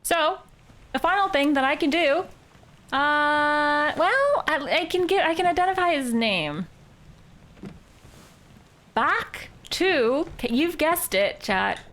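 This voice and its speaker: A woman's voice: high-pitched, animated, takes it slowly, long pauses, fairly bright tone. A woman from Canada, a streamer, thinking aloud in casual, playful live game commentary.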